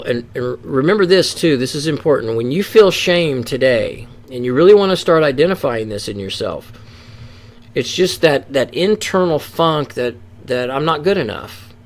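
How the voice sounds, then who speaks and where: A man presenting a lesson on addiction recovery, earnest and explanatory, often restarting phrases and acting out inner thoughts. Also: mid-range voice. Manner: earnest, acts out inner thoughts in quoted voices, frequent restarts. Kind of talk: teaching presentation.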